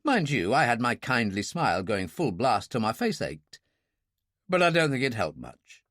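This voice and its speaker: A man narrating a first-person thriller audiobook in a dry, measured, wry way. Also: medium pitch, sing-song, fairly bright tone, no echo.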